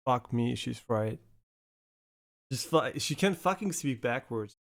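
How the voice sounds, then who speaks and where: Rambling gravelly game streamer man. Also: mid-range voice, expressive, takes it slowly. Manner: rambling, swears, many fillers. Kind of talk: casual live stream chat.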